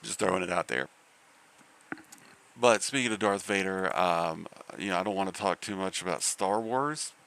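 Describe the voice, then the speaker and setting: A man's voice: sits low, moderate pace, gravelly, fairly bright tone, slight background noise. A man hosting a live game stream, chatting casually in a rambling way with lots of fillers and restarts.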